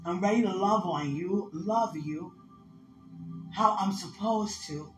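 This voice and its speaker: A person praying aloud in ecstatic prayer, emotional and laughing, swinging from loud cries to hushed whispers. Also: medium pitch, takes it slowly. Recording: roomy echo with soft music.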